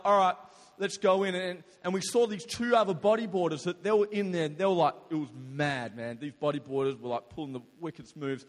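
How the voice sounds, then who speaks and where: A young man casually telling a story to an audience, animated and slangy, with sudden loud outbursts. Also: high-pitched. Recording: long hall reverb.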